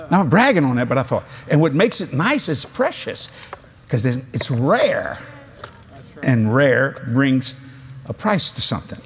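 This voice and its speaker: A man's voice: medium pitch, big pitch swings, unhurried. A male preacher delivering a convention sermon, telling stories animatedly with laughs and asides.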